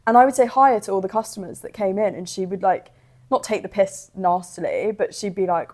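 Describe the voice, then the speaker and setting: A woman's voice: mid-range voice, brisk. Chatty young British woman. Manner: chatty, animated storytelling with quoted voices. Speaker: podcast host. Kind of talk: casual chat.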